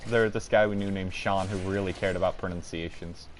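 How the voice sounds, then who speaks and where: A man's voice: low-pitched, fairly even intonation, a little fast, slight background noise. A young man chatting casually and swearing while gaming, joking and ranting between plays, into a headset mic. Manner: profane, ranting, jokey. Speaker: gamer.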